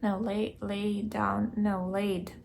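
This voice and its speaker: A young woman keeping a video diary, recounting a dream in a hesitant way, searching for words and filling pauses with "like". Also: mid-range voice, little pitch movement, gravelly, a little mellow, a little hiss or hum. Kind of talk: casual personal storytelling.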